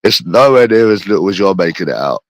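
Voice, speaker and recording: A man's voice: low voice, lively intonation, fast, dry recording, rough recording. A man with a phlegmy cough, ranting in a repetitive, rambling, profane casual monologue. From London.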